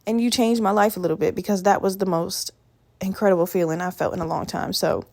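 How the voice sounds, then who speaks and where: A woman's voice: mid-range voice, fairly even intonation, fast, gravelly, a little mellow, no echo. A young woman in her twenties from Virginia, hosting a podcast alone in a rambling, profane, chatty way. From Virginia, USA. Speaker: podcast host. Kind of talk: casual solo podcast rambling.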